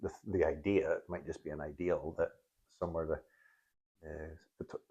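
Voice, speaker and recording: A man, a photographer and tour guide, chatting as a podcast guest in a halting, stop-start way with many restarts. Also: extremely low pitch, steady tone, mellow, breathy edge, dull audio. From Scotland. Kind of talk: casual podcast conversation.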